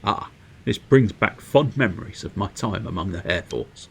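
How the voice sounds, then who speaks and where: A man reading a theatrical, eccentric male adventurer in a video game, florid and unhurried. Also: low voice, lively intonation, gravelly, breathy edge, full character voice. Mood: wistful.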